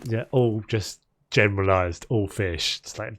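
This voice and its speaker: A man's voice: low-pitched, fairly even intonation, moderate pace, hardly any pauses, breathy edge. A man streaming a video game, chatting casually and rambling between topics as he builds. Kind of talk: casual chat while playing.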